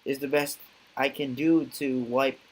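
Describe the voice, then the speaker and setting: A man voicing a grim, terse male vigilante reading his own journal, in a flat, halting, clipped way. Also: mid-range voice, close to an everyday voice, low-quality recording. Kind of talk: amateur dramatic reading.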